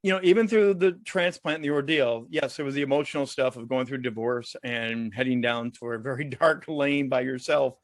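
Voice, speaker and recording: A man's voice: mid-range voice, a little fast, hardly any pauses, no room sound, clean studio sound. A man guest on a podcast, telling stories in a joking, laughing way. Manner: jokey, laughs often, acts out other people in stories. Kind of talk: casual storytelling interview.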